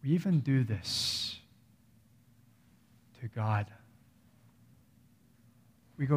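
Reverend preaching slowly in a reverberant church. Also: male voice, on the high side, sing-song, husky. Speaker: pastor. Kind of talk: sermon. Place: church sanctuary.

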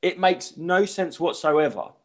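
A man's voice: a little high, measured pace. A man in his thirties, a comedian hosting a podcast, telling swear-laden, self-mocking anecdotes in casual chat. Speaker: stand-up comedian and podcast host.

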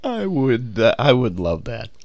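A man's voice: mid-range voice, sing-song, a little slow. A male comedian in casual chat, voicing jaded, cranky opinions.

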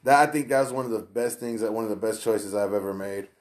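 Laid-back swearing man, slightly low voice. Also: fast, a little hiss or hum. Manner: laid-back, swears freely, lots of filler. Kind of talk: casual chat.

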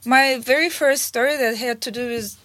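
A woman with a Russian accent and Russian as her first language, telling lively anecdotes as a guest. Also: sits high, moderate pace, no echo. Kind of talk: storytelling in casual chat.

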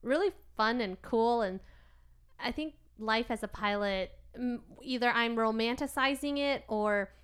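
A woman co-hosting a casual podcast, slipping between playful giggles and earnest reflection. Her voice sits a little high and sounds smooth and clear. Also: measured pace, a bit bright. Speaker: podcast co-host. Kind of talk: casual chat.

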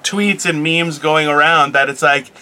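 Male podcast co-host, bright and tense tone, rambling storyteller who laughs easily. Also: a little high, measured pace, a little hiss or hum. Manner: acts out quoted voices. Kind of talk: casual chat.

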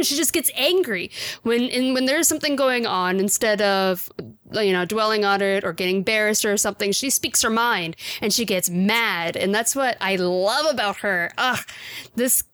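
An enthusiastic woman hosting a podcast, talking in a loose, chatty way full of fillers and frequent laughter. Her voice sits at an everyday middle pitch, recorded close and dry with no room sound. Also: animated, normal speed, a bit bright, no echo. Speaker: podcast host reviewing anime. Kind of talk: casual chat.

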